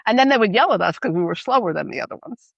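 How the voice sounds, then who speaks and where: A middle-aged woman from New York, co-hosting a podcast and telling animated, laughing stories in casual chat. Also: medium pitch, racing, gravelly, dry recording, highs cut off. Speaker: podcast co-host.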